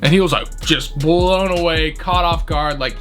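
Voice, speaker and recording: A man's voice: a little high, a little slow, a bit bright, faint music behind. Indignant young man telling a story. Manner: indignant, blunt, swears freely. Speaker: restaurant manager. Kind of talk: casual storytelling.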